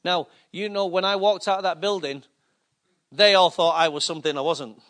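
Male preacher, fairly high voice, lively storytelling sermon delivery. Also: moderate pace. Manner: animated anecdotal preaching with acted-out quotes.

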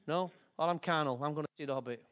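A man preaching a sermon to his church, fervent and emotional, with big swings in loudness. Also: fairly high pitch, fast talker. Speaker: pastor.

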